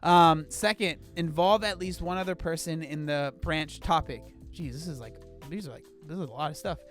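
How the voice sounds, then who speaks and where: Young man, somewhat high voice, casual disbelieving commentary, slang and fillers, faint music behind. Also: moderate pace, a bit bright. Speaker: host reacting to an article.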